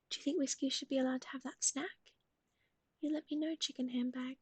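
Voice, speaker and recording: A young woman streaming live, whispering softly and cooing in baby talk to her dog while chatting with viewers. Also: high voice, fairly even intonation, brisk, dry recording. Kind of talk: ASMR livestream chat.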